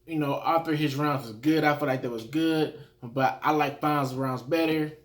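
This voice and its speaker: A man giving a casual recap of rap battles, talking in an animated way and acting out his own reactions. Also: fairly high pitch, normal speed.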